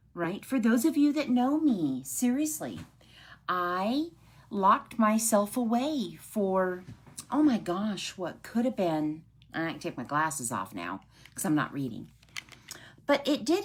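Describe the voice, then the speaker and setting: A woman's voice: mid-range voice, husky. A woman sharing her personal story with her followers in an earnest, heartfelt way, often checking in with "right?".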